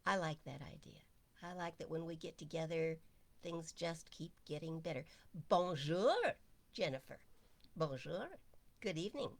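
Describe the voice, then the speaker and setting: A woman with a low, gravelly voice leads a weekly online gathering as its minister. She keeps the talk casual and teasing, and now and then she lets her voice sink into quiet asides. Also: normal speed. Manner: playful, chatty, drops into quiet asides. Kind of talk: casual livestream chat.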